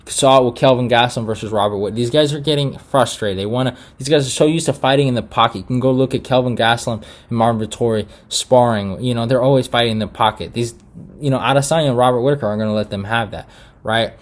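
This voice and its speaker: A young man from Eritrea hosting a casual fight recap, frustrated and animated, swearing often and restarting his sentences with lots of fillers. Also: mid-range voice, fast talker. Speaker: MMA prediction channel host.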